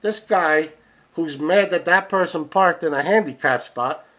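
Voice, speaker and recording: A man's voice: a little high, a little slow, poor audio. A man hosting a comedy podcast, ranting in disbelief about news stories, swearing freely and acting out the people he describes. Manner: incredulous, ranting, profane; acts out the people in his stories, rising to shouts. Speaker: podcast host. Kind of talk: comedic rant.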